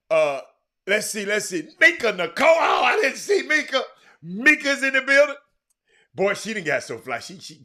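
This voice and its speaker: A middle-aged man, hosting a live sports talk stream in an animated way, full of fillers and repeats. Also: high voice. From Houston, Texas. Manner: animated, talks straight to the chat, lots of fillers and repeats. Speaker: sports talk show host.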